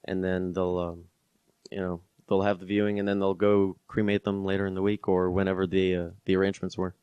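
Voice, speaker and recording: A man who works at a funeral home, a guest on a podcast, explaining his work in a measured way with many pauses. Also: deep voice, level tone, clean tone, no echo, highs cut off. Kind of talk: casual interview chat.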